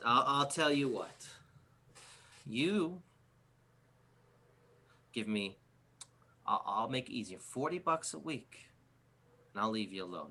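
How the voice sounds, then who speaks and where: A man voicing a teenage male bully who extorts a schoolmate with drawn-out, taunting threats. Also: mid-range voice, pushed and bright, heavily acted.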